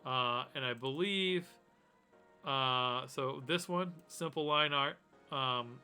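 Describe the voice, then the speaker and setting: A man's voice: medium pitch, takes it slowly, bright, forceful tone, clean tone, soft background music. A man hosting a casual live stream, rambling with lots of fillers and restarts. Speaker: host.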